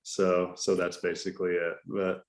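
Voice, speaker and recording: Middle-aged guy hosting a podcast, kinda low voice, jokey rambling storyteller, echoey room. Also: level tone, moderate pace. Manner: chatty storyteller, jokey and loose. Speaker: podcast host. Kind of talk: casual chat. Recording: roomy echo.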